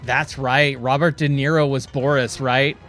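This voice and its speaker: A man in his forties streaming a game, rambling casually and nostalgically, full of "dude" and quick excited asides. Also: mid-range voice, soft background music. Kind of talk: casual gameplay commentary. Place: home, playing a VR game.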